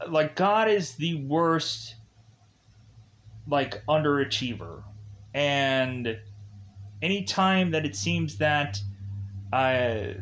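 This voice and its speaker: Slow, rambling male movie reviewer. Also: fairly high pitch. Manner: rambling, heavy on fillers and restarts; self-amused, laughs at his own tangents. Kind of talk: casual film recap.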